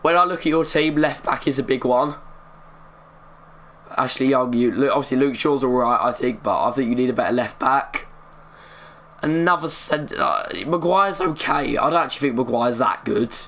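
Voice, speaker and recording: A young man giving live commentary while playing a football video game, keeping his voice down, chatty and muttering with bursts of excitement. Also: mid-range voice, moderate pace. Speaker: gaming streamer.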